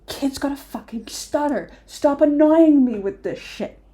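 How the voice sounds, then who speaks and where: Woman doing a gruff older dwarf lady. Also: mid-range voice, drawn-out words, dark tone. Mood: exasperated. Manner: brusque, snappy, swearing. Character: gruff older female dwarf with a braided beard.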